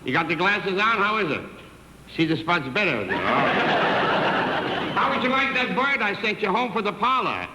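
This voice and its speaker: An older comedian doing a vaudeville stand-up monologue, wisecracking through one side of a phone call. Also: male voice, high-pitched, animated, normal speed, very noisy. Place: theater stage with live audience. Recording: echoey 1960s TV theater stage.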